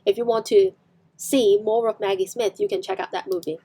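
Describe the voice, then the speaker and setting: A woman's voice: mid-range voice, fairly even intonation, fairly quick, background noise. A woman with a Hong Kong accent teaching English online, explaining film scenes with frequent fillers and self-corrections.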